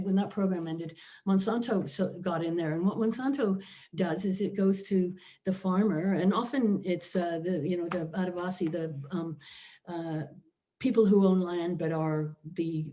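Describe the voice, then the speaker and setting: A woman's voice: on the low side, warm tone. A woman professor giving a conversational philosophy lecture over a video call, often adding asides to the audience. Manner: informal, frequent "you know" and "right?" asides.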